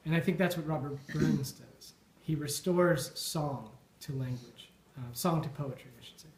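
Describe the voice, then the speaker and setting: A man's voice: on the high side, moderate pace. A man giving an informal after-dinner toast, thoughtful and full of ums and restarts. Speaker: toast speaker at a Burns supper. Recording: echoey dining hall.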